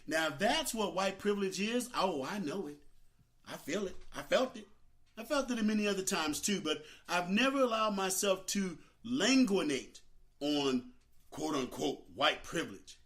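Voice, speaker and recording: An older man hosts a talk show and spins a personal story for his guests. His voice sits fairly high and swings widely in pitch. He tells it with animated, dramatic flair. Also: moderate pace. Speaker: host.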